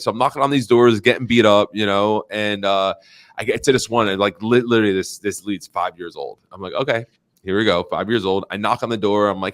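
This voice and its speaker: A man's voice: on the low side, fast. A man guest on a podcast, telling sales stories in casual chat and acting out quoted lines in a raised voice. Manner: animated, acts out quotes in a raised voice; frequent fillers and restarts. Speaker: podcast guest, insurance agent.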